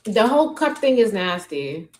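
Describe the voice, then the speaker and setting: A woman's voice: medium pitch, very animated, normal speed, rough recording. Chill woman co-host, casual offhand chatter on a stream. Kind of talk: casual chat reacting to a video.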